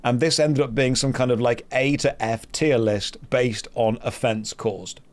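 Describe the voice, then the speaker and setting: A man's voice: medium pitch, fairly even intonation, a little slow. A British man chatting casually and joking while streaming a game. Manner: joking, rambling. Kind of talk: casual gameplay chat.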